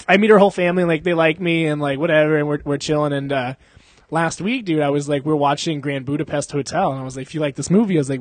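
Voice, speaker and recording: A man's voice: on the high side, dry recording. Laid-back young man telling stories, profane. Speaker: podcast co-host. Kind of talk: casual storytelling chat. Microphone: podcast microphone.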